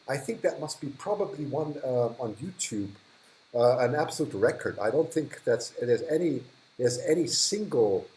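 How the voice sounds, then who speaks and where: A man's voice: mid-range voice, darkish tone, slight background noise, poor audio. A man hosting a live stream from a hot, humid indoor room, chatting casually as he reads and thanks viewers, often restarting sentences and chuckling. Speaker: livestream host.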